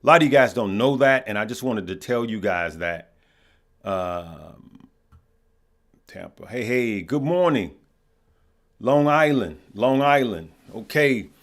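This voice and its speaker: A man from Chicago hosting a casual stock market livestream, chatty and repetitive, greeting viewers as he talks. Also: medium pitch. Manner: chatty, repeats himself, greets viewers mid-thought.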